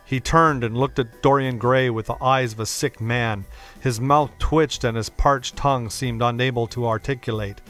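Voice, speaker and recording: Man reading an old novel out loud, steady and dramatic, faint music behind. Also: medium pitch, moderate pace. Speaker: narrator. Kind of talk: audiobook reading of classic fiction.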